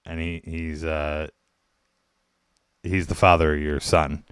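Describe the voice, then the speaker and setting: A man hosting a prank call show, delivering bad news in a deadpan, hesitant way. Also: extremely low pitch, slow pace, smooth, no echo, clean studio sound. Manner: deadpan and hesitant, many fillers.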